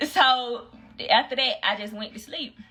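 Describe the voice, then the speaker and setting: A woman's voice: measured pace, husky, soft background music. A young woman telling a casual story on a phone livestream, acting out the voices of the people in it. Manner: animated storyteller, acts out voices, swings high for quoted friends.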